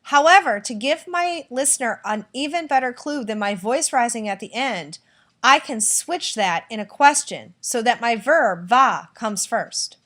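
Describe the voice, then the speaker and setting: A woman teaching a recorded lesson, explaining clearly and patiently and acting out example sentences. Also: on the high side, animated, measured pace, a bit bright. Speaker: Spanish teacher.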